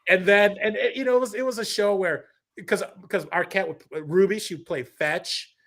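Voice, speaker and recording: A middle-aged man, a comedian guest, telling a story in casual chat, animated, with many restarts and quoted asides. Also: high voice, normal speed.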